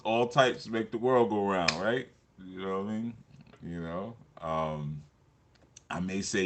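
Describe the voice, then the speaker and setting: A man talking casually to his livestream viewers, laid-back and chatty, dropping in fillers and easy laughs. His voice is lowish in pitch yet bright and forceful in tone. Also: a little slow, slight background noise. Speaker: spiritual coach and livestream host.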